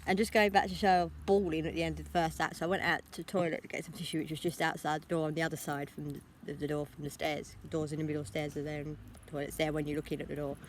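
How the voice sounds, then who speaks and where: A woman's voice: low voice, flat delivery. Tired young woman, rambling vlog chat to her phone on a walk, faint traffic behind. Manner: rambling, talks without pausing to think. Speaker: vlogger. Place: outdoors on a street, walking.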